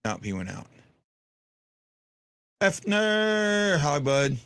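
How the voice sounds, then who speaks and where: A man's voice: on the high side, sing-song, very slow, a bit bright, clear, resonant tone, no room sound. A man hosting a fan podcast, chatting casually and rambling with lots of restarts and fillers. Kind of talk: casual live-stream chat.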